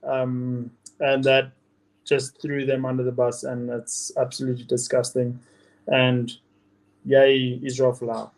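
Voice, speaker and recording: Flat-toned South African man rambling. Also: medium pitch, a little slow. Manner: rambling and blunt. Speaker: podcast co-host. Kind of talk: casual chat.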